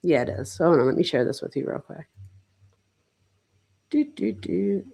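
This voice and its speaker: A low, husky, dark-toned voice with vocal fry comes from a woman psychologist hosting a casual true-crime livestream. She's animated and speaks at normal speed, loose and chatty, full of "like"s and self-corrections.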